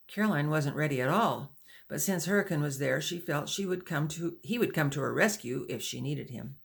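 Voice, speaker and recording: A woman narrating a historical novel as an audiobook in a measured storytelling manner. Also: low-pitched, lively intonation, vocal fry.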